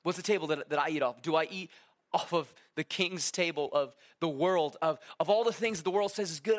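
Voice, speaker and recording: A preacher with a notably high voice delivers a relaxed, conversational sermon at a fairly quick pace. He talks casually, throws asides and questions to his listeners, and often acts out little quotes while telling the story.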